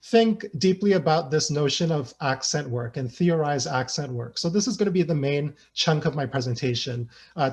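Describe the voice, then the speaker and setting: A man giving an academic lecture, casual and searching, with many fillers and tag questions. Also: fairly high pitch. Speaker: guest lecturer. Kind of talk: academic talk.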